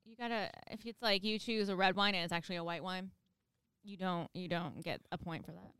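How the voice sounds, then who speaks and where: Smooth-voiced joking woman co-host. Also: on the low side, a little fast, dry recording. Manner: joking, animated. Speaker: podcast co-host. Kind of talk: casual chat.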